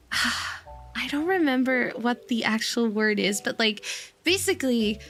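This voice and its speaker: A woman streamer chatting casually with her viewers, giddy and hyper, laughing often between unhurried sentences into a desk mic. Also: fairly high pitch, expressive, a bit bright, faint music behind. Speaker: VTuber streamer. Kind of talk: casual livestream chat. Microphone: desk microphone.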